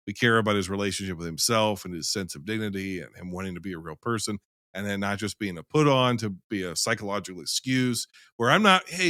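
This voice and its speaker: A man's voice: fairly low pitch, a bit bright, no echo, clean studio sound. A man in a casual film-review chat, rambling and emphatic, who swears freely.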